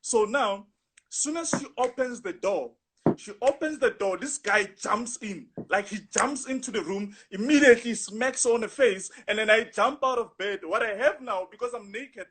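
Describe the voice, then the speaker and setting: A young man with a husky voice, animatedly telling a rambling story in casual chat, full of "you know". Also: high voice, moderate pace, a bit bright, a little hiss or hum. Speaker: guest storyteller.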